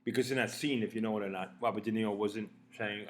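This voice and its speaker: Man, fairly low voice, casual rant, swears a lot, halting restarts. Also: steady tone. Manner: profane, blunt, halting with many restarts. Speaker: vlogger. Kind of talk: rambling casual monologue.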